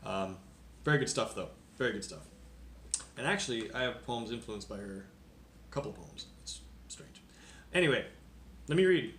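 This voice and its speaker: A man's voice: mid-range voice, expressive, a little fast, long pauses, fairly bright tone. Man reading poetry on a live stream. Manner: reads poems aloud with playful rhythm, chats casually with viewers. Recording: roomy sound with faint background noise.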